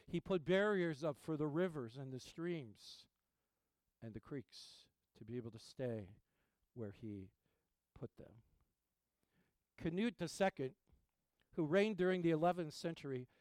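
A male pastor delivers a sermon earnestly and emphatically, his voice trailing off quietly at the end of phrases. His voice sits on the high side, and the recording is dry.

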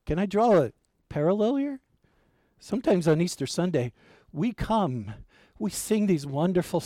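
A man preaching a sermon as pastor, animated, asking his listeners questions and dropping to a near hush for emphasis, with light humor. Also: high voice, dry recording. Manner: light humor with an occasional chuckle.

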